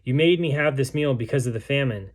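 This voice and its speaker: A man's voice: medium pitch, brisk, lightly acted. Guy reading out a starving mother in a siege, solemn and pleading, storybook style. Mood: bitter, accusing. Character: starving grief-stricken mother in a besieged city.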